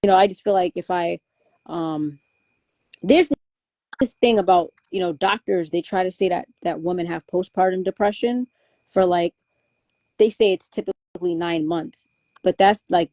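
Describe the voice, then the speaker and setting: A woman's voice: lowish voice, dark tone, no room sound. A young woman talking candidly in casual conversation, rambling with many restarts and fillers. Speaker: guest.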